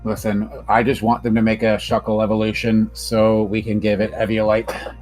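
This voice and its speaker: A young man co-hosting a casual chat, excitable and prone to hesitant starts. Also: on the low side, normal speed, soft background music. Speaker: podcast co-host.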